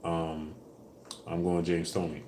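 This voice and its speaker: A man hosting a casual live stream, answering viewers in a relaxed way with fillers, louder when asking for likes. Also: low-pitched, takes it slowly, a little hiss or hum. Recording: echoey room with faint ambience.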